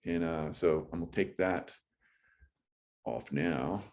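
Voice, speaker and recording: A man's voice: a bass voice, slow pace, creaky, darkish tone. A middle-aged man chatting casually on a livestream, rambling and often breaking off mid-sentence. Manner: rambling, chatty, self-interrupting. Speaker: livestream host. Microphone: phone or computer mic.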